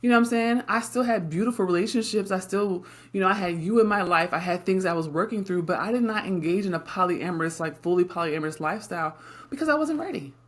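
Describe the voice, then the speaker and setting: A woman's voice: fairly low pitch, quick pace. A middle-aged woman co-hosting a podcast, talking in a candid, emphatic way and often checking in with tag questions. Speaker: podcast co-host. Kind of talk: casual podcast conversation.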